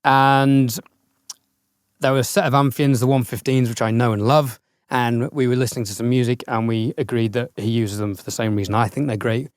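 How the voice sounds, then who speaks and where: Dry-witted podcast co-host. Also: male voice, medium pitch, a little fast, no room sound. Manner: dry, teasing asides, then steady explaining. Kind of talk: casual podcast chat.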